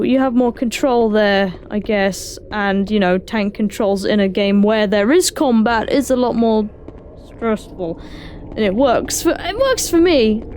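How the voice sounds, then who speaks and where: A woman's voice: a little high, darkish tone, slight background noise. A woman giving casual gameplay commentary, reading in-game text aloud and adding wry, sarcastic asides to herself. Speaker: let's play gamer.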